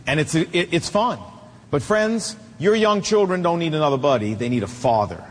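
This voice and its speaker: A man's voice: a little high, expressive, moderate pace, in a large hall. A middle-aged man preaching a sermon, emphatic and telling stories with acted quotes.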